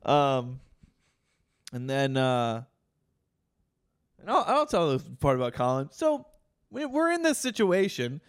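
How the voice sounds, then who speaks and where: A man co-hosting a podcast, telling stories in casual chat, swearing often and getting animated. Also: medium pitch, slow, long pauses, smooth, dry recording, clean studio sound. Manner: profane, animated storytelling. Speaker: podcast co-host.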